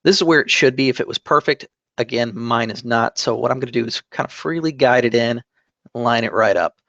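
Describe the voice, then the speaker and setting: A man with a gravelly, mid-pitched voice talks through a digital drawing tutorial in a relaxed, step-by-step way, pausing on fillers and correcting himself. The recording from his desk mic sounds dull and dry. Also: dry recording. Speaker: tabletop game channel host. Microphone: desk microphone.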